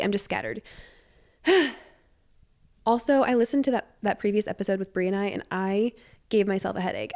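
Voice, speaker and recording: Fast-talking young woman podcast host. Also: medium pitch, a little mellow. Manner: fast-talking, rambling and self-deprecating. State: stuffy nose. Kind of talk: casual solo podcast chat. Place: at home.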